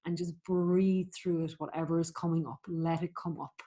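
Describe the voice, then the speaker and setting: A woman teaching meditation, explaining the practice in a gentle, encouraging, chatty way with plenty of fillers. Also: sits low, little pitch movement, normal speed. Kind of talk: spoken meditation instruction.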